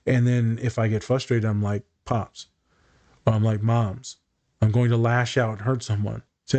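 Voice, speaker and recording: A man's voice: medium pitch, moderate pace. A man, a therapist, chatting casually on a podcast, telling client stories with lots of swearing and acted-out quotes. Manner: profane, animated storytelling with acted-out quotes.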